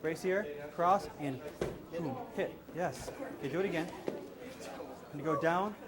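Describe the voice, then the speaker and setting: A man's voice: on the high side, unhurried, a loud crowd. A male self-defense instructor coaching a hands-on class with short, repeated commands.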